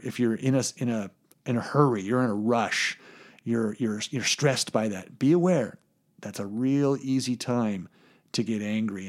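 A man's voice: medium pitch, a little mellow. A man preaching a sermon as pastor, earnest and plainspoken, often repeating words as he thinks.

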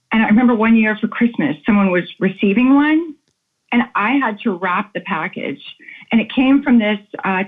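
A woman guest in an interview, telling stories with enthusiasm and animation. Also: a little high. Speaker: guest artist. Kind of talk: casual interview chat. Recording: tinny phone-like call audio.

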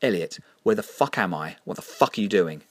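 A man's voice: fairly low pitch, animated, a little fast. A man voicing a wounded, weary man who speaks weakly with dry, sardonic humor. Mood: shocked.

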